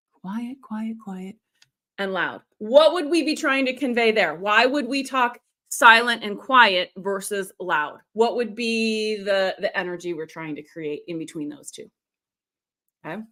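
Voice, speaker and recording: A woman's voice: medium pitch, pushed and bright. A middle-aged woman coaching storytelling on a live stream, demonstrating voices and reading out viewer comments.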